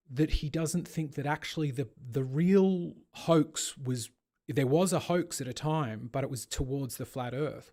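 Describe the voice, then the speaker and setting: A man's voice: mid-range voice, a little mellow. Argumentative man hosting a debate chat. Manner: argumentative, rambling, rhetorical questions. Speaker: host of an online discussion.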